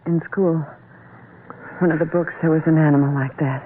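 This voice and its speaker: A woman's voice: low-pitched, steady tone, normal speed, natural voice. A breathless young female voice pleads and clings to her companion in a vintage radio horror drama, played by an actress. Her tone is earnest and scared. The sound is thin, phone-like and lightly hissy, like an old radio transcription. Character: frightened young woman trapped in a tunnel with her sweetheart.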